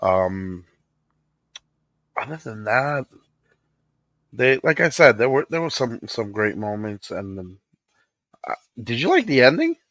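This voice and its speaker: Excitable man in a dry, close recording. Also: mid-range voice, measured pace, long pauses, no echo, poor audio. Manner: excitable, retells scenes with acted quotes and laughter. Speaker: podcast co-host. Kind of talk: casual movie review chat.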